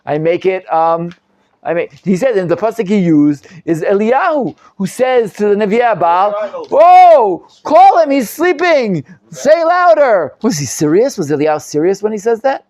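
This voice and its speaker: A man, a rabbi, teaching a live Bible class, reading Hebrew commentaries quickly and explaining them in English with frequent Hebrew terms. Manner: animated, acts out quoted speakers with sudden loud pitch jumps.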